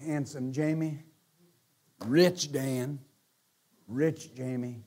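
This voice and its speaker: A man preaching a sermon as pastor, animated and joking, swinging from quiet asides to shouts. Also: medium pitch, extremely slow.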